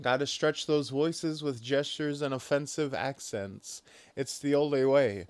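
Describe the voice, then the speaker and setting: A man's voice: mid-range voice, a little slow, darkish tone, slight background noise. A man streaming a video game live as a VTuber, chatting with viewers, joking and swearing at the boss. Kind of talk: live gameplay commentary.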